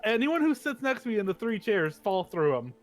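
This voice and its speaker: A man's voice: high voice, sing-song, a little fast, soft background music. A man playing a tabletop game in casual, playful talk. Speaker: player.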